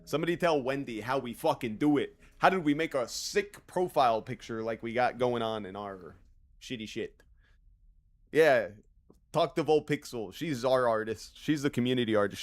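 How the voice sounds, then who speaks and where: A man streaming a game, chatting casually and reading chat aloud in a loose, joking, profane way. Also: medium pitch.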